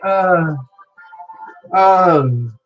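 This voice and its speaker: Speaking extremely slowly in a mid-range voice, this livestream host chats casually over soft background music, with dull audio. The host is excitable, exclaiming often and reading out viewers' names in a scramble to keep pace with the chat.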